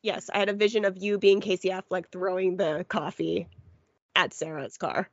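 A woman hosting a podcast in casual chat over a video call, playful and quick to laugh. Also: lowish voice, steady tone, no room sound. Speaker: podcast host. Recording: dull dry call audio.

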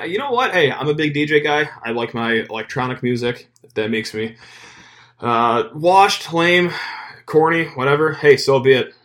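Sports podcast guy, super lively up and down delivery, joking around. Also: mid-range voice. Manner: energetic, joking, animated. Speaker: podcast host. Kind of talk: casual sports podcast talk and ad read.

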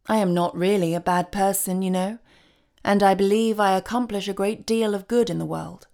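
A woman voicing a soft-spoken, regretful male demon of repentance in a storybook reading, pleasant and pleading in tone. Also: mid-range voice, fairly even intonation, moderate pace, natural voice.

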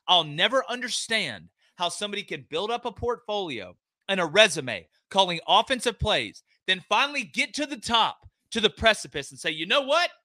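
A man as a guest sports analyst on a remote call, talking in an emphatic, folksy casual way and repeating words when excited. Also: sits high, dry recording. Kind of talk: animated casual podcast talk.

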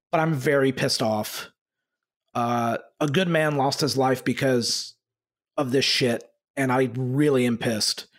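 A man hosting a basketball podcast, talking in an angry, halting way with many fillers and restarts. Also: mid-range voice. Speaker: podcast host. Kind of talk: casual podcast talk.

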